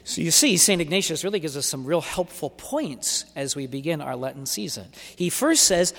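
A man giving a sermon as a preacher, speaking in an animated, emphatic way and driving his points home by repeating them. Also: a little high, normal speed, gravelly, hardly any pauses, long reverb tail.

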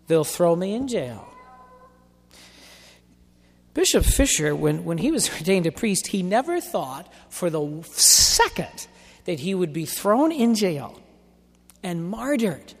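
Guy preaching a sermon, high voice, big dramatic emphasis, long echo like a church. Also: vocal fry. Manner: emphatic, dramatic, stretches key words.

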